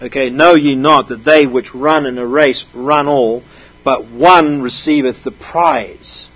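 A man's voice: mid-range voice, slow pace, fairly bright tone, breathy edge, muffled recording. A man preaching a sermon, reading scripture aloud and explaining it with emphatic stresses.

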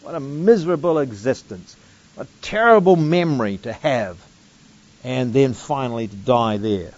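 A man's voice: mid-range voice, animated, normal speed. Man reading scripture with emphatic asides. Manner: reads scripture aloud, then breaks in with emphatic casual asides. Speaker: Bible teacher. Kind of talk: verse-by-verse Bible teaching. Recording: dull lo-fi dry recording.

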